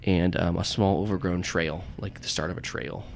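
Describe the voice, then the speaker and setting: Gravelly young man running a tabletop game. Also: deep voice, steady tone, moderate pace, a little hiss or hum. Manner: rambling, many fillers and likes. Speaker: game master.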